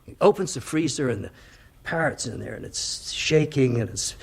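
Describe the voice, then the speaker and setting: A man's voice: medium pitch, expressive, normal speed, creaky, breathy edge. A man telling a long joke, rambling with fillers and repeated "he says". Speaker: joke teller.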